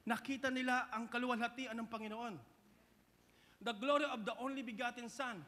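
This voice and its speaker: A man's voice: extremely high pitch, steady tone, a little fast, sharp tone, big-room sound. A man with a Filipino accent preaching a sermon, mixing English and Tagalog, often restarting phrases and asking the congregation "Amen?". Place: church hall.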